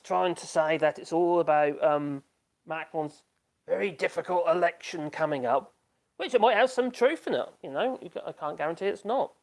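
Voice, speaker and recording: A man's voice: on the high side, darkish tone. A middle-aged man, chatting casually on a live stream in a rambling way, trailing off and restarting his sentences.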